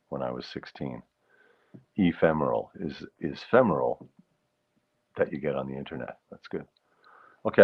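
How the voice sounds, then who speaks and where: A man hosting a casual solo livestream, rambling and punning, often interrupting himself and clearing his throat. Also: extremely low pitch, muffled recording. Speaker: livestream host.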